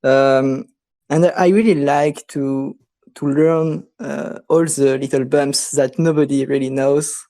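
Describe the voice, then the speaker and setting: Slow, hesitant young man. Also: mid-range voice, steady tone. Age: young adult. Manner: hesitant, many fillers, soft laughs. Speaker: podcast guest. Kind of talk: casual podcast chat.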